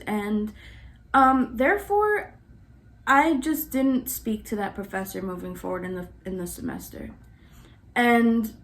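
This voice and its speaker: A woman in her twenties telling a story to camera in a casual way, animated and exasperated, with lots of fillers. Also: mid-range voice. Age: 20s. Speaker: vlogger.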